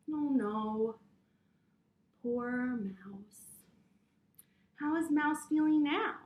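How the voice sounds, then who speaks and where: A woman teaching yoga to children, reading a story aloud in a gentle, encouraging way and roaring and meowing with them. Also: high-pitched, very slow, long pauses, far from the mic. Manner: gentle, encouraging, playful animal sounds. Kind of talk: storytime with kids' yoga instruction. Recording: echoey room.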